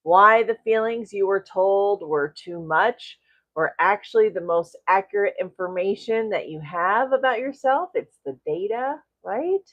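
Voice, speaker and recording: A woman's voice: medium pitch, expressive, a little slow, a bit bright, lo-fi sound. A middle-aged woman coaching a live-streamed self-development class, greeting viewers and often tagging her points with "right?" and a chuckle.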